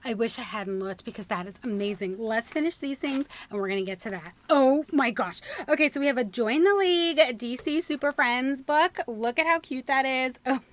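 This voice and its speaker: A woman's voice: high-pitched, moderate pace, few pauses. A woman, gushing and gasping as she unboxes gifts in her vlog. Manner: gushing, gasping, squealing with excitement. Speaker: vlogger.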